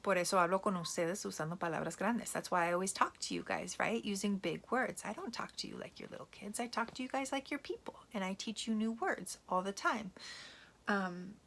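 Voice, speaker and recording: A woman teaching young children, switching between English and Spanish in an animated, playful way. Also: mid-range voice, fairly quick, creaky. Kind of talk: bilingual read-aloud lesson for children.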